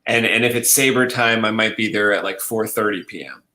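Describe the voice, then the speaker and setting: A relaxed man hosts a casual chat and makes up goofy phrases. His voice rings a little in a roomy space. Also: lowish voice, a little fast. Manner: playful, laid-back, coins silly phrases. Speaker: host.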